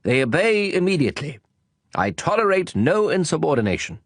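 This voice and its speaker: A man's voice: fairly high pitch, big pitch swings, a little fast, dry recording, studio quality, voice pushed up. Casting: man voicing a pompous elderly king for a storybook, raised, commanding, formal. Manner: grand, commanding, stiffly formal.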